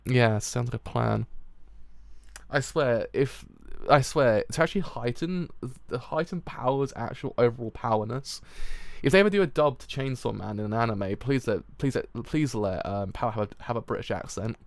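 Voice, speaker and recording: Man, live comic reaction stream, rambling, mid pitch, gravelly, dry room. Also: moderate pace, no room sound. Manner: excitable, rambling with restarts.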